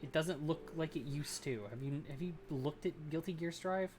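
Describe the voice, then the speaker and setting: A woman livestreaming casually while she builds a model kit, ranting and swearing, jumping from loud outbursts to low muttering. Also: moderate pace, slight background noise. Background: background music.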